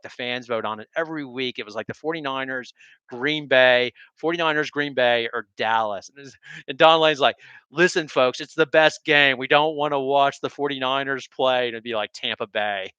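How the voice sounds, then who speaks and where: Rambling American man, bright and clear. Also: mid-range voice, dry recording, lo-fi sound. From Texas, USA. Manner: rambling, enthusiastic digressions. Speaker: sports stream host. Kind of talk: casual solo sports talk stream.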